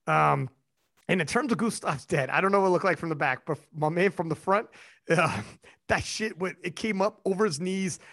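This young podcast host has a high-sitting voice at normal speed. He's an animated storyteller in casual chat, freely swearing and quoting what others said.

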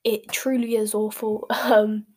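A woman's voice: medium pitch, flat delivery, slow pace, a little mellow. A woman reading a novel aloud as an amateur, apologising for her slips. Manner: apologetic, self-deprecating slips. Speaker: amateur reader.

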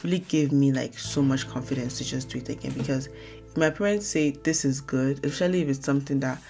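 A young woman from Nigeria hosting her own casual podcast, talking fast and rambling, often correcting herself mid-sentence. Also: rumbling low, vocal fry, dark tone, faint music behind. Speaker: podcast host. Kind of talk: casual solo podcast talk.

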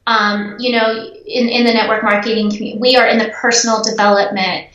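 A woman's voice: fairly high pitch, brisk. Earnest woman telling stories, echoey sound. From United States. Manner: earnest, animated storyteller. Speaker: guest. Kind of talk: interview storytelling. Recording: echoey, dull remote audio.

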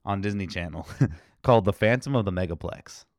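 A man with a smooth, clear voice chats casually, eager to jump in with his own story and laughing along the way. The recording is dry and close. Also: deep voice, lively intonation, brisk, dry recording. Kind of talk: casual chat.

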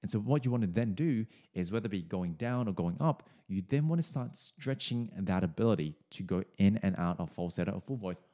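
A man's voice: lowish voice, animated, fairly quick, few pauses, dark tone. A man working as a singing coach, breaking down a song's vocals for viewers in a friendly, explanatory way with casual fillers.

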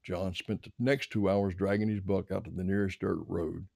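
A man reading a story aloud in steady storytelling narration. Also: low-pitched, moderate pace, vocal fry, no room sound, clean studio sound.

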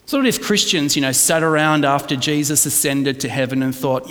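A man's voice: on the high side, animated, moderate pace, few pauses, a bit bright, in a large hall. A man preaching a conversational sermon, often checking in with his listeners. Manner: conversational, asks the congregation "right?" often. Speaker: pastor.

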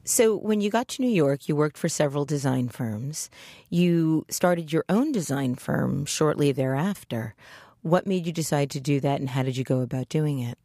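A woman's voice: deep voice, animated, moderate pace, warm tone, dry recording, clean studio sound. A woman hosting an interview who asks concise, probing questions. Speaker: interviewer, host.

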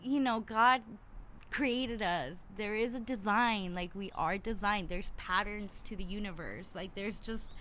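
A young woman talking casually on her own, animated and swearing freely, getting worked up as she goes. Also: mid-range voice, unhurried, a little hiss or hum. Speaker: podcaster. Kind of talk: casual monologue.

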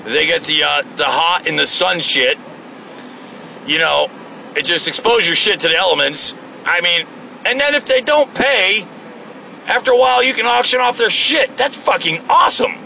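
Profane rambling man driving, gravelly voice. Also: sits high, lively intonation, moderate pace, bright, forceful tone, a little hiss or hum. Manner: profane, joking, talks to himself. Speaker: solo show host. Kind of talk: rambling casual monologue while driving. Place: inside a car.

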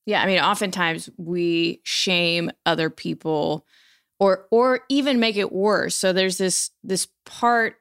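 A woman's voice: on the low side, takes it slowly, a bit bright, clear, resonant tone. A woman hosting a podcast in a chatty way, laughing between points while talking through a book. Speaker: podcast host. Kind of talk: casual podcast conversation.

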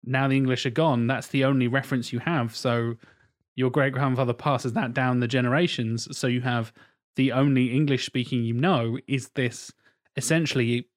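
A man's voice: mid-range voice, steady tone, normal speed. A man co-hosting a casual podcast chat, rambling with many fillers and the odd swear. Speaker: podcast co-host.

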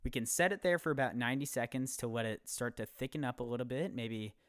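A young man in his twenties hosts a casual podcast, rambling along in an upbeat, easygoing way. His voice sits at an ordinary pitch, and the sound is close and dry with no room echo. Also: fast, fairly bright tone, clear, resonant tone. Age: 20s. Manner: loose, rambling, upbeat with filler words. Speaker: podcast host.

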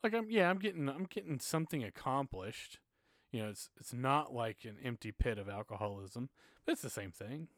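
A man's voice: medium pitch, animated, moderate pace, a bit bright, no echo, clean studio sound. Earnest man telling a story. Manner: earnest storytelling, emotional at times. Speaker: podcast guest, church music minister. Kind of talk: casual podcast conversation.

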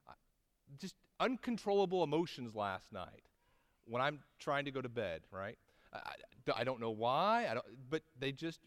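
A man preaching a sermon, telling the story with rising intensity at dramatic moments and slowing to stress key words, often asking his listeners "right?". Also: mid-range voice, a bit bright, in a large hall. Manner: conversational with tag questions and restarts. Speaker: pastor.

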